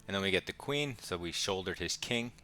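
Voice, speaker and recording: A young man giving casual, quick play-by-play of his own chess game with wry asides. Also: sits low, animated, music in the background. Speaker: chess streamer. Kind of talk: casual live game commentary.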